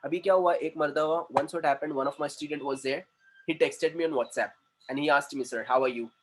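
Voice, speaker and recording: A man with an Indian accent teaching an English lesson, who repeats words slowly and switches into Hindi to explain. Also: fairly high pitch, steady tone, a little hiss or hum, poor audio. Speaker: communication trainer.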